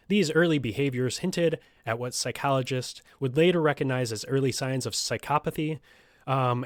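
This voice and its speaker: A male podcast host narrates a true crime story at a mid-range pitch. He reads from a script but drops into casual, swearing asides. The sound is close and dry, with no room reverb. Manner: profane, joking asides between scripted passages.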